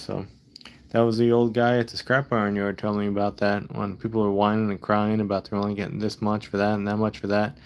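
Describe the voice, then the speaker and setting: A man's voice: lowish voice, darkish tone, clear, resonant tone. A man in a casual vlog monologue, frustrated and profane, rambling and repeating himself. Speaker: vlogger.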